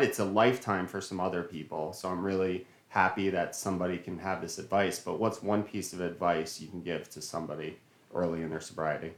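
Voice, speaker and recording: A man's voice: sits low, roomy sound. A man hosting a podcast, chatting and telling stories in an easygoing way. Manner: easygoing storyteller. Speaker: podcast host. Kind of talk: casual conversation.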